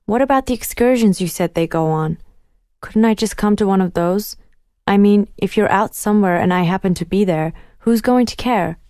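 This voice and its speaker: A woman's voice: medium pitch, moderate pace, dark tone, no echo, clean studio sound, lightly acted. A woman voicing an eager, persistent teenage boy who keeps pushing with hopeful questions.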